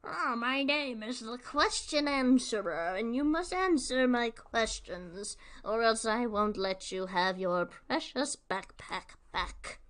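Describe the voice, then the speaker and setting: A woman's voice: on the high side, animated, slow, a bit bright, pitched above the performer's own voice. Woman putting on a blustering cartoon villain. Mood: demanding. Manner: blustering, growling "rah". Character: grumpy cartoonish male villain, lawn-guarding.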